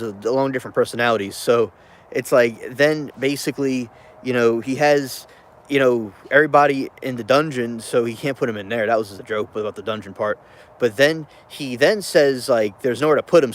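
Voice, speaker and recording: A man ranting casually about a film he watched, rambling and interrupting himself with chuckling asides. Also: medium pitch. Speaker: vlogger reviewing a film.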